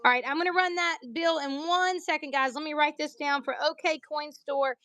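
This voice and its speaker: A woman's voice: high-pitched, fairly even intonation, fairly quick, bright, forceful tone. A woman with an American country accent, chatting casually to viewers as a livestream seller, joking and calling people by name. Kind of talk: casual live sales chat.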